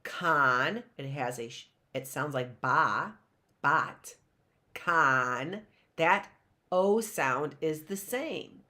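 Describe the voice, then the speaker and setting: A middle-aged woman teaching a phonics lesson to young children, slowly sounding out words and spelling them letter by letter. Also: low voice, expressive, bright, forceful tone. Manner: slow, sounding out words syllable by syllable.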